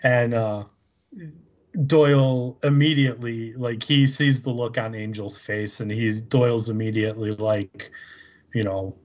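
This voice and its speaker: Dude slowly rambling thru a show recap, lots of ums, kinda dull lo-fi sound. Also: male voice, medium pitch, flat delivery, a little mellow. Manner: rambling, full of fillers, puts on voices. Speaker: podcast co-host recapping an episode. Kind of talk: casual chat.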